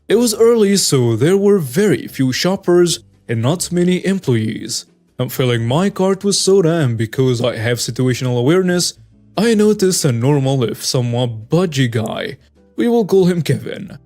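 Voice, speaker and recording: A man reading a story aloud as a channel narrator, in a steady, even storytelling delivery. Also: fairly high pitch.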